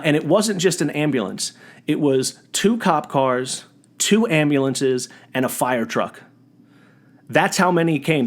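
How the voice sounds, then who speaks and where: A man hosting a podcast, telling a personal story as a monologue, animated and often restarting his sentences. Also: on the high side. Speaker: podcast host.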